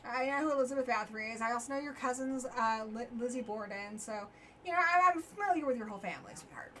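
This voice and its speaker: A woman's voice: fairly high pitch, lively intonation, fairly bright tone, slight background noise. A British woman in her forties hosting a casual live-stream chat, teasing her guests and laughing easily. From Britain. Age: 40s. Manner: chatty, teasing, quick to laugh. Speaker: host.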